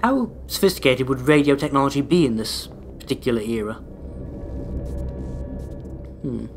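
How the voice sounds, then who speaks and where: A man's voice: mid-range voice, fairly bright tone, a little hiss or hum. A young man rambling through casual gameplay commentary as a let's play host, with dry, self-deprecating jokes aimed at his viewers.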